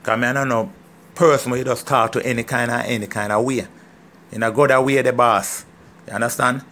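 A man's voice: medium pitch, steady tone, brisk, fairly bright tone. Angry Jamaican man ranting. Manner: heated, emphatic, keeps asking "you understand?". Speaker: farmer. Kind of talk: casual vlog rant.

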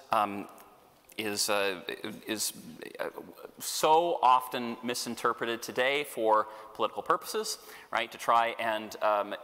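Male priest teaching Bible class, humorous and animated, bright voice, reverberant hall sound. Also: medium pitch. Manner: animated, chuckling, humorous asides. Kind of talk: Bible study lecture.

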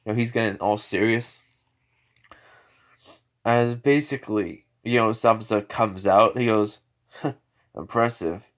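A man with a fairly low voice retells a fan-made story off the cuff. He rambles, fills gaps with fillers and keeps correcting himself as he goes. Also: steady tone, measured pace, long pauses. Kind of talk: casual fan-fiction retelling.

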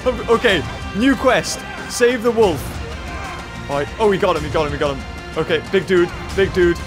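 Young man, let's-play commentary, high lively voice, game music behind. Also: normal speed. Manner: laughs often, cheers at the screen. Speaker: gaming video host.

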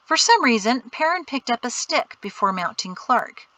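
Bright-toned woman audiobook narrator. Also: a little high, very animated, normal speed, dry recording, low-quality recording.

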